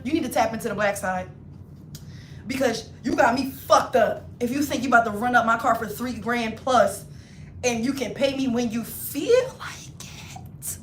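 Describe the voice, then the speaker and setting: A woman livestreaming a casual storytime, animated and slangy, acting out her friends' voices as she talks. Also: on the high side, reverberant, slight background noise. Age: adult, not in her twenties. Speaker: hairstylist livestreamer.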